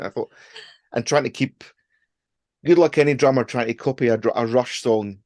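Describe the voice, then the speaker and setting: A man's voice: mid-range voice, moderate pace, a little mellow, dry recording. A man hosting a podcast, rambling and joking as he chats. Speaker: podcast host. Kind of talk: casual chat.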